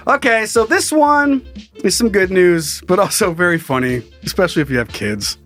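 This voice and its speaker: A man's voice: high voice, animated, normal speed, a bit bright, soft background music. A man co-hosting a comedy podcast, telling crude stories with lots of laughs and little acted-out voices. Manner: crude, giggly storyteller, acts out voices. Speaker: podcast co-host. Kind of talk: casual comedic chat.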